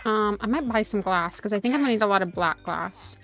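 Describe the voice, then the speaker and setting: A woman's voice: mid-range voice, fast, a bit bright, faint music behind. A woman game streamer chatting casually and self-mockingly while playing, talking to the characters on screen. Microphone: desk USB microphone.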